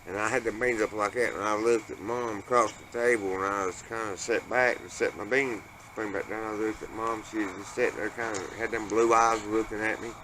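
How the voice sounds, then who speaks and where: A man telling a family ghost story in a folksy, profane, animated way. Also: lowish voice, a little fast, few pauses. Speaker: panel storyteller. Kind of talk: casual storytelling. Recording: noisy background hiss.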